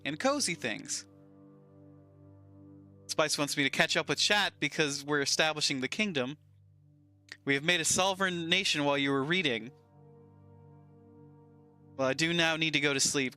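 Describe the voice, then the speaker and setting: A man's voice: on the high side, bright, forceful tone, clear, resonant tone. A man with a Southern US accent streaming a game, reading chat aloud and bantering playfully.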